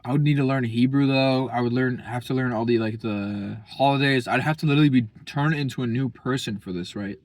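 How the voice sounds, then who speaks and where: A man's voice: medium pitch, fairly quick, hardly any pauses, no echo. A young man talking casually as a vlogger, rambling and profane, full of slang. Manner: slangy, profane, rambling, keeps saying bro.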